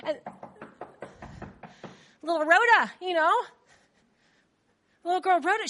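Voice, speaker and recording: A woman preaching a sermon in church, animated, telling the story with laughs and acted-out voices. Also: extremely high pitch, moderate pace, pauses often.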